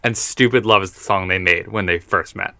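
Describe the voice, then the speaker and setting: A man co-hosting a podcast in casual chat, gushing and animated, with lots of "like". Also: sits low, a little fast, creaky, no room sound, studio quality. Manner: gushing, animated, says "like" often. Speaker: podcast co-host.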